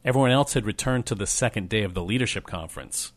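A young adult man narrating a first-person memoir in a wry, measured, plain-spoken way. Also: lowish voice. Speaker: audiobook narrator.

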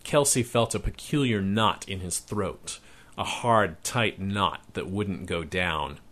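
A man narrating a story aloud in a measured, expressive reading voice. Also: sits low.

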